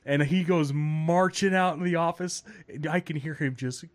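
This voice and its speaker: A man on a casual podcast telling a long story, animated and swearing, laughing as he acts out the people in it. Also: a little high, moderate pace. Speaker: podcast host.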